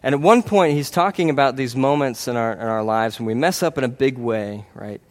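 Brisk and mid-range, this man's voice drives an earnest, conversational sermon. He often checks in with the congregation, saying "right?" and restarting his phrasing.

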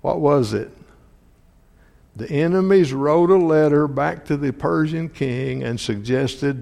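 A man's voice: fairly high pitch, slow, creaky, darkish tone. A man preaching a sermon, reading scripture and putting questions to the congregation, often repeating words as he restarts. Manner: asks the congregation many questions. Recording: long hall reverb.

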